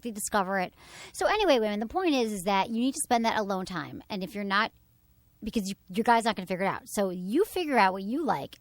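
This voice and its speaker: Woman host chatting fast, really animated, dry close mic. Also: medium pitch, dry recording. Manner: animated, quick, talks over others. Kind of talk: casual chat.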